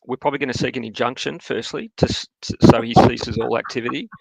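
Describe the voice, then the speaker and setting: A man with a gravelly, creaky voice delivers jokes with a straight face, as if he were serious. The sound is dry and close. He speaks in a medium register. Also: mid-range voice, fast, no echo, low-quality recording. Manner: deadpan mock-serious. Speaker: guest on live show. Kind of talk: casual banter.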